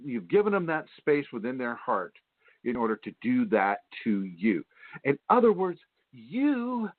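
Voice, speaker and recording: A man hosting a spiritual radio talk show, teaching in an animated way, mimicking whiny voices and laughing often. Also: medium pitch, dry recording. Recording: tinny phone line, dry.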